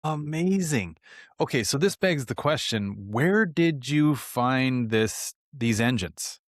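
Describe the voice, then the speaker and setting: A man's voice: medium pitch, lively intonation, slow, no room sound, studio quality. A man hosting a podcast, giving short eager reactions and asking questions. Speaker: podcast host. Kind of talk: casual interview chat.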